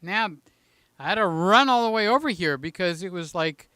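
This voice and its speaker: A man's voice: sits high, expressive, moderate pace, sharp tone, smooth, dry recording. A man hosting a casual live stream from home, talking in a chatty, jokey way and reading out the chat, a little out of breath, holding a handheld mic. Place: room in his house.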